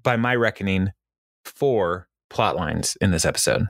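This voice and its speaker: A man's voice: deep voice, unhurried, no room sound, clean studio sound. A man co-hosting a podcast, recapping a TV episode in casual, meandering chat and chuckling often. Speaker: podcast co-host.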